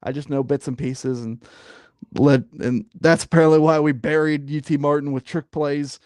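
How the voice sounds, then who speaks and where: A man's voice: fairly high pitch, fairly even intonation, normal speed, a little mellow, clean tone, no echo. A man hosting a casual sports talk podcast, rambling with lots of fillers and getting worked up. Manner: rambling, frequent fillers, gets fired up. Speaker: podcast host.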